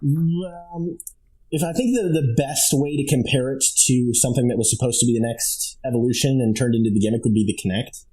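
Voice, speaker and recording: Mellow, husky-voiced male podcast guest. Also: mid-range voice, a little fast, rough recording. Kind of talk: casual podcast chat.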